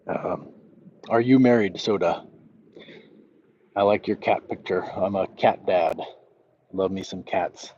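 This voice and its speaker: A man hosting a casual livestream, reading viewers' comments aloud and answering them in a relaxed, friendly way. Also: fairly low pitch, dull audio. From Southwest United States. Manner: reads chat messages aloud, relaxed and friendly. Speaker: livestream host. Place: walking outdoors.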